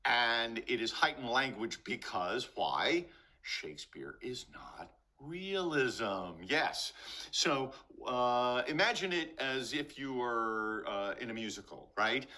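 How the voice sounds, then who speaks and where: An older man teaching acting in his garage, energetic and rhythmic, tapping out beats as he explains, recorded on a camera mic. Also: lowish voice. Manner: energetic, rhythmic demonstrations, bouncing a ball. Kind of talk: instructional talk to camera. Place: garage with concrete floor. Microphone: camera mic, steps back from it.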